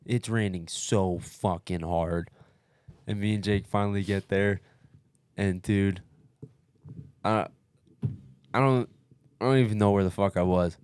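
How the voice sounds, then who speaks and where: A young man telling a long story in casual podcast chat, animated, swearing constantly and calling everyone "dude". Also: fairly low pitch, unhurried, clean tone. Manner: profane, animated, says "dude" often. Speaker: podcast guest recounting an ultramarathon.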